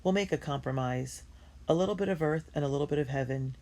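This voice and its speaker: A man's voice: fairly high pitch, quick pace, a little mellow, natural voice. A woman reading the lines of an affectionate immigrant father, a violinist, in a tender and playful way.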